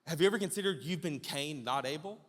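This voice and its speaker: A man pastor preaching a sermon, firing off rhetorical questions and building up to shouts at the peaks. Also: a little high, expressive, quick pace. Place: church sanctuary. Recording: long church-hall reverb.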